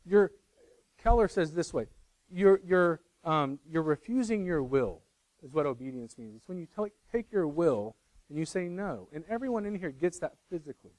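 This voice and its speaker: A man's voice: on the high side, lively intonation, normal speed, a little mellow, no echo, low-quality recording. A middle-aged man preaching a sermon in a conversational way, correcting himself and teasing the congregation.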